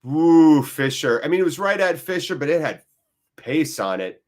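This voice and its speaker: With a fairly high voice at a normal speed, a man runs a live football watchalong, excitedly mixing play-by-play with rambling asides.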